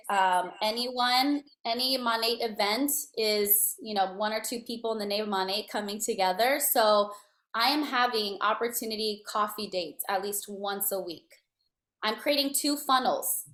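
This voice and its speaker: A woman giving a motivational network marketing talk, energetic and slangy, checking in with her listeners often. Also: medium pitch. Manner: energetic, slangy, coaching tone with frequent "right?". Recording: echoey room.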